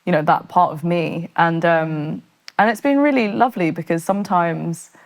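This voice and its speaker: Lower-voiced woman in casual chat. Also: normal speed. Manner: rambling, filler-heavy storytelling. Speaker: podcast guest, photographer.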